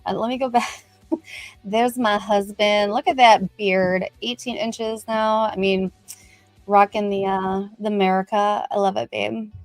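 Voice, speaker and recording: A woman's voice: mid-range voice, dry recording. A middle-aged woman hosting a casual livestream, talking with lots of fillers and greeting viewers by name. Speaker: livestream host.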